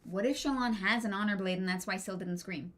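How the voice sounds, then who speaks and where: Bright, playful woman co-host. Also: medium pitch. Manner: playful, quick interjections, swears casually. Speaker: podcast co-host. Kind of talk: casual book club chat.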